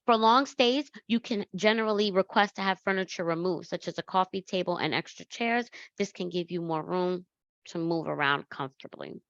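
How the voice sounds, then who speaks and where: A woman presenting slides in a relaxed, conversational way and correcting herself as she goes. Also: fairly low pitch, normal speed, no echo, dull audio. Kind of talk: slide presentation on accessible travel.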